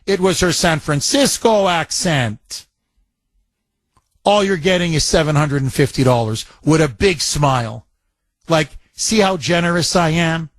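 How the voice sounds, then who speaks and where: A man with a high voice delivers an indignant rant on talk radio. He repeats himself and restarts phrases as he builds his point. The sound is dry and close, with no room echo. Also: a bit bright.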